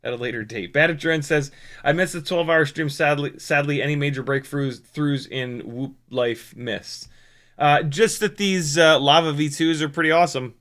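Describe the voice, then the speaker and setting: Bright-voiced man chatting on a stream. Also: fairly high pitch, moderate pace. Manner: rambling, self-mocking, frequent restarts. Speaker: streamer reading chat. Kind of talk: casual live-stream chat. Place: home workshop at a workbench.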